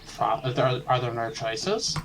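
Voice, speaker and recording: A man's voice: medium pitch, fairly even intonation, measured pace, fairly bright tone, faint music behind. A man co-hosting a let's play in casual chat, hesitant and rambling with goofy jokes.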